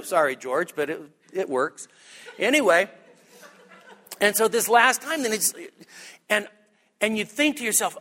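A man preaching a sermon, animated and joking, with a high, bright, ringing voice. He talks slowly and deliberately, and the long reverb of a church hall trails after each phrase. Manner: animated, humorous, rising to high emphatic peaks. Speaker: pastor. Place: church sanctuary.

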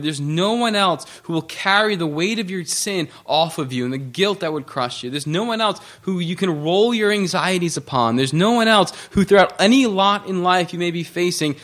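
Earnest higher-voiced male preacher. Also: a bit bright. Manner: earnest preaching with restarts, reading scripture aloud. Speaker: pastor. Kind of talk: sermon.

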